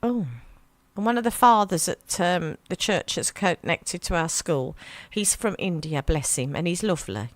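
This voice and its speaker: A woman from the Birmingham area of England hosts a local radio show, chattily telling an anecdote as an animated storyteller who acts out the voices in quotes. Her voice is on the low side at a normal speed, and the recording is dry.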